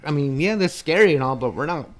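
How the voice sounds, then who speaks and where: A young man co-hosting a podcast, telling a story in a loose, animated, profanity-laced way with lots of fillers. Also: a little high, fast talker, over a noisy crowd. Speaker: podcast co-host. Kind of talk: casual storytelling chat.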